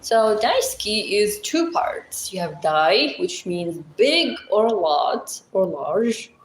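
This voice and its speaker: A woman's voice: medium pitch, big pitch swings, slow pace, slight background noise. A woman hosting a casual livestream, chatting with viewers and rambling through simple language explanations with plenty of fillers. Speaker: livestream host. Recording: echoey room.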